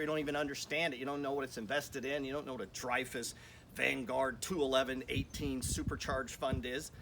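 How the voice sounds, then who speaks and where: A man's voice: mid-range voice, background noise. A man hosting a finance channel, giving a blunt, profane, confrontational motivational rant full of rhetorical questions.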